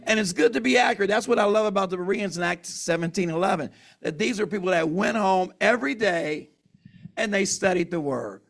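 A man's voice: sits high, a little fast, creaky, fairly bright tone. A man preaching a sermon in an earnest, emotional, emphatic way.

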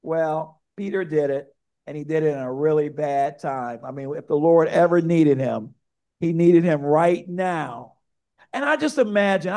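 Preaching a sermon at a fairly high pitch, a male pastor tells a lively story and speaks directly to his congregation.

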